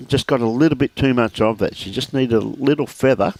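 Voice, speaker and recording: A man's voice: medium pitch, brisk, gravelly, a little mellow, no echo. A man giving live lawn bowls commentary, chatty and joking, often calling people "mate".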